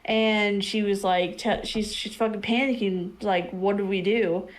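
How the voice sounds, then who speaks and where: A woman's voice: mid-range voice, fairly even intonation, measured pace, low-quality recording. A woman with a mid-range voice tells a long personal story on a casual stream. She talks bluntly and rambles, with plenty of restarts and filler words. She swears freely as she goes.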